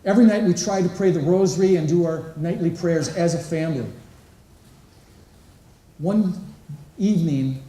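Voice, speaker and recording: Mellow-voiced man speaking in an echoey hall. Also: fairly high pitch, normal speed, pauses often. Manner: engaging, asks the crowd questions and acts out quotes. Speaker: conference speaker. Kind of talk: inspirational talk to a live audience. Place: large conference hall. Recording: echoey hall, voice picked up from a distance.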